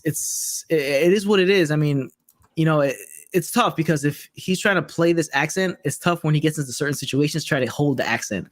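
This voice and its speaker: A man talks wrestling in a quick, rambling way, packed with "like" and "um", his voice sitting a little high for a man. The sound is dry and close, with no room around it. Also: no echo. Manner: rambling, filler-heavy, animated. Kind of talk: casual chat.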